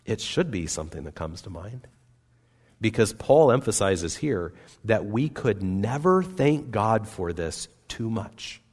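A man preaching a sermon as pastor, earnest and emphatic, with wide swings between loud and soft. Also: lowish voice, big pitch swings, unhurried, breathy edge. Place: church sanctuary. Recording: long reverb of a church hall.

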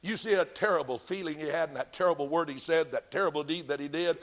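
Preacher putting on a sly accusing devil. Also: male voice, a little high, quick pace, a bit bright, natural voice. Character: scheming male devil accusing a believer.

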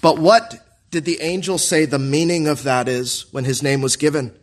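A man preaching a sermon in an earnest way, asking the congregation questions and slowing down to stress quoted scripture. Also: on the high side, fairly even intonation. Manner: earnest, asks the congregation questions and answers them.

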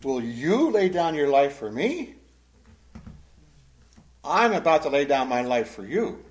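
A man playing a solemn, measured teacher. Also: mid-range voice, very animated, lightly acted. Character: calm, solemn adult male teacher foretelling betrayal.

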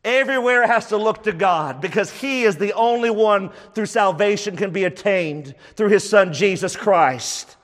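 A male pastor with a high-pitched voice delivers an emphatic sermon, repeating his key phrases for stress. His voice carries a long reverb, as in a large hall. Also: normal speed, few pauses, a bit bright.

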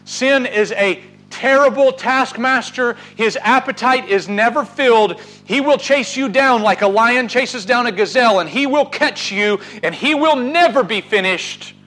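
A man preaching a sermon, swinging from loud urging to hushed, drawn-out words. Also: very high-pitched, rough recording. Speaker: pastor.

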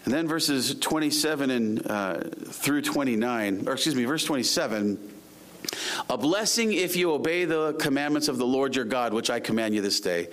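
A man preaching a sermon, reading scripture slowly and rising to emphatic urging. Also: medium pitch, animated, fairly bright tone. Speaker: pastor.

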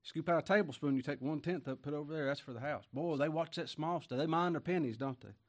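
A man's voice: fairly high pitch, quick pace. A man preaching a sermon in a folksy, conversational way, often asking the congregation rhetorical questions. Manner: swings between loud emphasis and quiet asides. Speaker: pastor.

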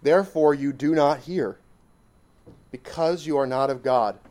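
A man's voice: a little high, a little slow, a little mellow. A man preaching a sermon, emphatic and repetitive, pressing points with rising exclamations.

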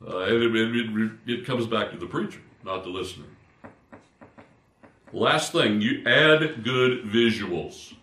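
An older man, a pastor, teaching fellow preachers in an informal, animated way, poking fun at himself and swinging between loud and soft. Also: fairly low pitch, a little slow, pauses often. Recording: roomy, distant from the mic.

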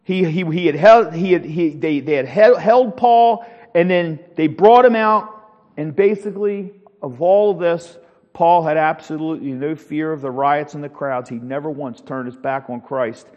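Male Sunday school teacher, high-pitched, earnest and rambling, quizzes the class, echoing hall. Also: normal speed, lo-fi sound.

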